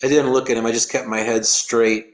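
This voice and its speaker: A man with a middle-pitched voice recounts an endurance race in an interview. He often restarts and repeats his words, and he explains things in a careful, technical way. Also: little pitch movement, fairly quick. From United States. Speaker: endurance athlete guest. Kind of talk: storytelling interview.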